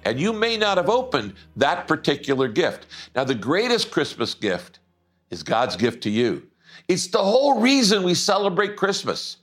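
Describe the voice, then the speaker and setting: A male pastor delivering a sermon in a church, his pitch rising and falling in a lively way. He slows down to stress key words and lets his voice drop low at the ends of phrases. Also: faint music behind.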